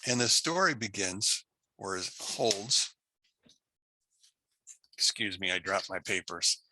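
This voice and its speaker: A man teaching an unscripted Bible class, telling a story slowly and haltingly with many restarts. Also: on the low side, lively intonation, background noise. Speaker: Torah teacher.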